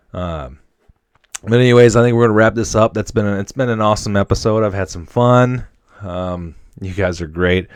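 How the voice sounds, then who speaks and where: A man in his thirties from Wisconsin, with a faint Upper Midwest accent, hosting a casual solo podcast in a slangy, excitable, chummy way. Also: low voice, no echo, clean studio sound. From Wisconsin, USA. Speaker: podcast host.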